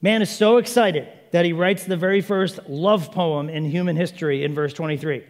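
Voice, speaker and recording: Man, pastor, sermon, animated joking delivery, fairly high voice, long church reverb. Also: moderate pace.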